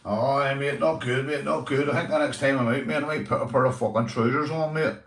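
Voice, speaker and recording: A man's voice: medium pitch, steady tone, fairly quick, echoey room. A young man with a Northern Irish accent, hosting a casual livestream, greeting viewers and swearing freely, calling everyone mate. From Northern Ireland. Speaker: livestream host.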